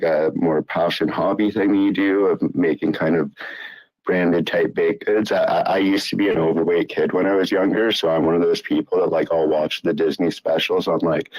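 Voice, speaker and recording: A man's voice: sits low, darkish tone, poor audio. A man with a Canadian accent from Canada asks a question in a casual online audio chat, rambling and hesitant. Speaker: listener asking a question.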